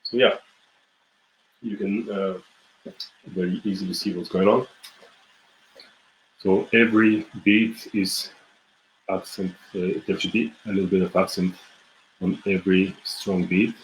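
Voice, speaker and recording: A man with a Bulgarian accent and a very low voice teaches a folk song in an online lesson. He explains with many fillers and restarts, his voice sounding roomy over a faint hiss. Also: flat delivery, measured pace, long pauses. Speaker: music teacher. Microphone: livestream mic.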